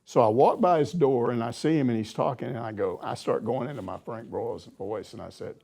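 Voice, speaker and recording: An older man, a sports reporter, responds to questions in a casual chat with a mid-range, gravelly voice that has a breathy edge and a fairly quick pace. He tells anecdotes animatedly, laughing as he goes.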